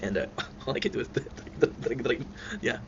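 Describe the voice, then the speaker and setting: A man's voice: medium pitch, unhurried. A man telling rambling childhood stories to his viewers, often breaking into laughter. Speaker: channel host. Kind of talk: casual storytelling. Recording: dull lo-fi sound with clear noise.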